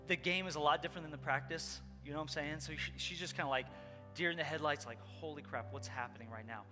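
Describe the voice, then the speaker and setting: A man's voice: a little high, steady tone, fast. Earnest preacher man in echoing hall. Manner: earnest, confessional storytelling; addresses the congregation directly. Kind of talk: conversational sermon. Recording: long hall reverb with loud music behind.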